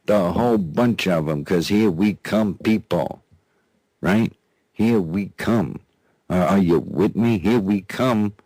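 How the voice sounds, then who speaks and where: A man's voice: sits low, takes it slowly, warm tone, no echo. A man hosting a live talk radio show, delivering sarcastic news commentary with frequent mocking laughs and repeated phrases. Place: radio studio.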